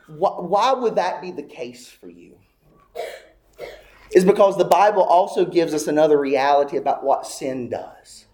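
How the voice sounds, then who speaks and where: A man's voice: on the high side, unhurried, a little mellow. A man preaching a sermon with an emphatic, repetitive cadence, apparently in a church sanctuary.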